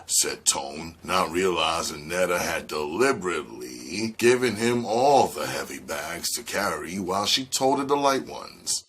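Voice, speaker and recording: A man reading an audiobook aloud in a slow, measured narration. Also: low-pitched, lively intonation, a bit bright, husky. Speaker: audiobook reader.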